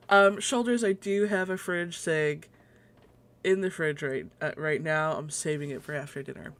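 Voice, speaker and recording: Her fairly low, slightly bright voice comes through clean with no echo as she takes her time. A young adult woman alone on a casual home livestream, she rambles, swears, laughs often and seems a bit breathless.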